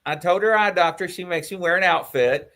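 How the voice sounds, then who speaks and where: A man with a New York accent, co-hosting a casual livestream chat and telling animated stories. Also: high-pitched, fairly quick. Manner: animated storytelling, mimics voices in quotes. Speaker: livestream co-host.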